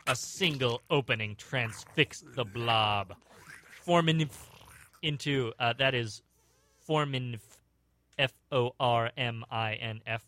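A man doing a comic dramatic reading of a fantasy story, deliberate and spelling out odd words. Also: mid-range voice, sharp tone.

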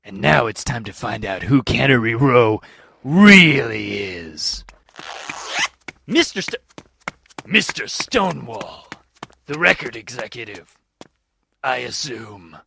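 A man playing an earnest, pompous masked crimefighter in a comedy radio play, with gruff, melodramatic bravado. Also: medium pitch, sing-song, slow, long pauses, bright, forceful tone, a little hiss or hum, heavily acted. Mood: heroic.

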